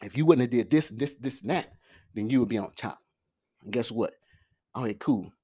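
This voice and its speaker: A man hosting his own podcast alone, talking fast and loosely with slang, fillers and restarts. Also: medium pitch, mellow, husky. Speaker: podcast host. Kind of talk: casual solo podcast monologue. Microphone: podcast microphone.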